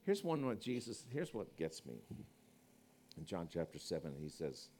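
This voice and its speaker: Lively, animated male preacher. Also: lowish voice, brisk, a little hiss or hum. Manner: conversational, swings between loud emphasis and quiet asides. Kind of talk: evangelistic sermon.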